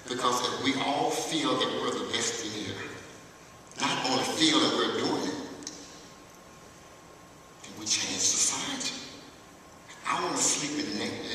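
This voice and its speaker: A man in his fifties, a music teacher, giving a conference keynote with animated storytelling and questions to the audience. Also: medium pitch. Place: large conference hall. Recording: echoey hall from far off, faint noise.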